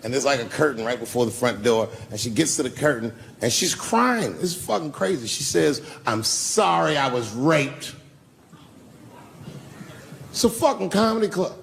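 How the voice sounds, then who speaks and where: Fairly quick and animated, this stand-up comedian's medium-pitched voice has vocal fry and few pauses, with a little background noise. He works a club crowd with a live audience, telling loose, foul-mouthed stories and joking back and forth with them.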